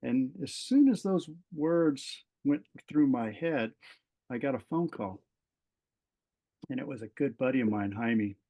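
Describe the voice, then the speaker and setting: Middle-aged retired fire captain as podcast guest, earnest and halting, retells events with repeated starts. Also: male voice, medium pitch, animated, dark tone. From Southern California. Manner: earnest, halting, repeats words as he gathers thoughts. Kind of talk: personal storytelling in an interview.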